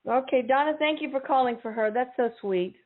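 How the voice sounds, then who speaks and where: A woman hosting a casual call-in radio show, greeting callers with quick, chatty reactions. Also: sits high. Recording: tinny phone-line sound.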